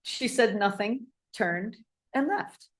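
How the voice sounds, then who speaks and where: Woman telling a story to a crowd, lively, does little voices for people. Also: a little high, slow pace. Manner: animated, acts out voices in anecdotes. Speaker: speaker. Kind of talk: storytelling talk to an audience.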